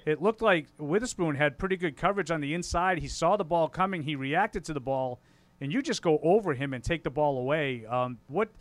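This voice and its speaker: A man's voice: a little high, fairly quick, no echo. A male sports radio co-host questioning a player, enthusiastic and laughing as he praises a catch. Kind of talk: post-game radio interview.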